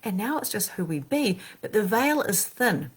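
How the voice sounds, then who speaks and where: A woman, a spiritual coach and medium, talking casually and animatedly with slang, her voice swinging between loud and soft. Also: mid-range voice, very animated, normal speed, slightly rough. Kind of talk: casual motivational talk.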